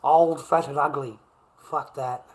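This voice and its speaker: A man's voice: a little high, steady tone, a little slow, rough recording. An Australian man hosting a livestream, talking in a brash, profane and confrontational way as he reacts to chat comments at home. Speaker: livestream host.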